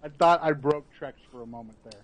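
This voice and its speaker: Teasing podcast co-host, fairly high voice. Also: male voice, fairly quick, lo-fi sound, a little hiss or hum. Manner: teasing, jokey storyteller. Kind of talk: casual gaming podcast chat.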